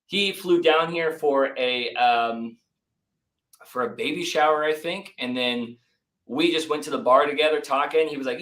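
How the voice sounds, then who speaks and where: A young man in a relaxed interview, swapping stories about business partners. He acts out quotes with lively voices. His tone stays casual and friendly. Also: mid-range voice, moderate pace, rough recording. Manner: animated, acts out quotes, says "like" and "dude" often. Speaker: business founder, podcast guest.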